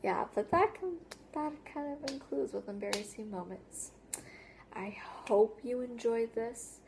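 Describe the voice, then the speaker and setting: A woman's voice: on the high side, unhurried, background noise. A teenage girl chatting through a casual storytime vlog, rambling with lots of "like" and restarts. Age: teens. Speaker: vlogger.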